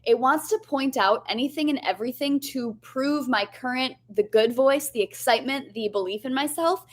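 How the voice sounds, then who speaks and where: A woman's voice: high voice, normal speed. A young woman coach giving a candid, chatty motivational lesson, often asking "right?" and swearing casually. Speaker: life coach.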